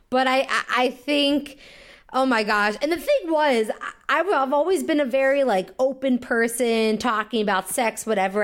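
A young adult woman comedian chatting casually, telling stories with lots of fillers and laughter. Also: fairly high pitch. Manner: animated storytelling with frequent fillers and laughs. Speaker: comedian guest. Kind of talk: casual podcast chat.

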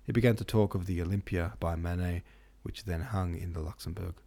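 A man reading a novel aloud as host, in steady, measured narration. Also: low voice. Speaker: host and audiobook reader. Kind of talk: scripted narration.

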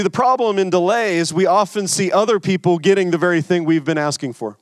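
Conversational man preaching with a higher voice. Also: no room sound. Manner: conversational, stammers and repeats words. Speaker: pastor. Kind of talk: sermon.

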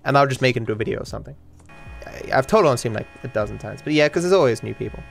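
A man's voice: mid-range voice, animated, rapid-fire, gravelly, soft background music. A man hosting a podcast, telling a story in a loose, rambling way, with many restarts and casual swearing. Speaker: podcast host and streamer.

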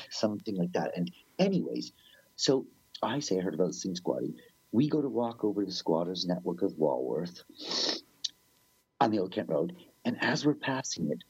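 A man telling stories in a rambling, animated way, swearing freely and acting out the people in them. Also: fairly low pitch, husky, dry recording, highs cut off. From Canada. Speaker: musician guest. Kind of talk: casual storytelling interview.

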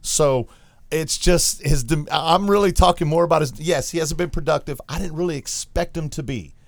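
A man's voice: fairly high pitch, gravelly, no echo. A man hosting a casual sports talk show. He rambles and halts, starting sentences over and over. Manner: rambling, halting, lots of restarts. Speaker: host.

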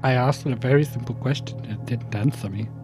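A man's voice: mid-range voice, a little fast, a little mellow, faint music behind. A man playing a tabletop game, insistent as he argues the rules with the game master. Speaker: player.

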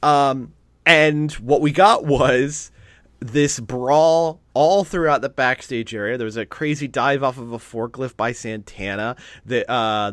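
A man co-hosting a podcast in casual chat, talking with excitement and swearing freely. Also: mid-range voice, no room sound. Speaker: podcast co-host.

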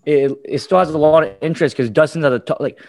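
Dude rambling about a fight, says like a lot, a bit higher voice. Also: male voice, fast, a little mellow. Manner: filler-heavy, hesitant, lots of "like". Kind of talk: casual sports chat.

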